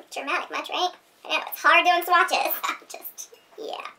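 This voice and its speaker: A woman's voice: extremely high pitch, fairly even intonation, unhurried, sharp tone, distant mic. A woman beauty vlogger chatting casually through a makeup tutorial, rambling and giggling as she talks to her viewers.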